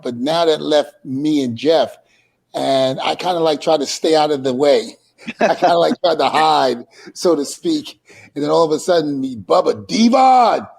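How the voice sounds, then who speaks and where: A man's voice: mid-range voice, creaky. A man telling a story as a podcast guest, laughing often and acting out the dialogue. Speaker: guest wrestler. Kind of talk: animated storytelling.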